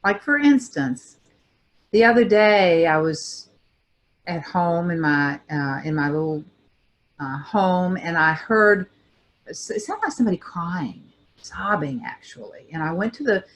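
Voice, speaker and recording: An older woman co-hosting a talk show, telling a personal story in a thoughtful way with pauses and restarts. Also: fairly low pitch, animated. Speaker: co-host.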